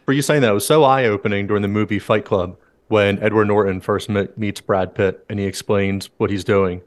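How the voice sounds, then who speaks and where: A man's voice: fairly low pitch, steady tone, brisk. A man hosting a casual podcast, talking in a wry way with sarcastic asides. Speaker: podcast host.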